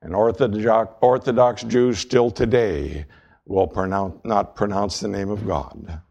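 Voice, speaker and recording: A man preaching a sermon as pastor, reading scripture aloud in a measured way and slowing down on key words. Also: fairly low pitch, gravelly, darkish tone, highs cut off. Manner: reads scripture and quotes aloud.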